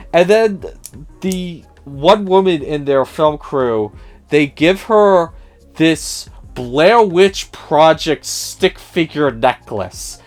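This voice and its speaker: Slow-talking sarcastic male film reviewer. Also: on the high side, animated, soft background music. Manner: sarcastic, profane, mimics characters in a raised voice. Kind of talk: casual spoiler movie review.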